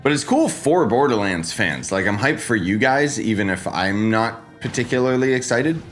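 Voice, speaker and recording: A man's voice: mid-range voice, expressive, moderate pace, fairly bright tone, soft background music. A man streaming a game live, chatting casually and rambling while greeting viewers by name, his voice congested from just waking up. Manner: laid-back, rambling, greets chat by name. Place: home streaming setup with green screen.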